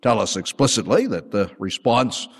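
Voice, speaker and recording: Animated male Bible teacher, echoing. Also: on the low side, moderate pace, vocal fry, slightly rough. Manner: animated, conversational storytelling. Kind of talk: sermon. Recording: long hall reverb.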